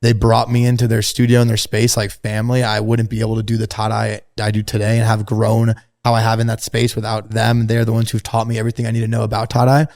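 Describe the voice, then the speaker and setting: A man with a fairly low voice, talking quickly with few pauses, appears as a guest on a podcast in the host's glass studio; he founded a fashion brand. He tells a story in laid-back, slangy language and animatedly acts out the people he quotes in a raised voice.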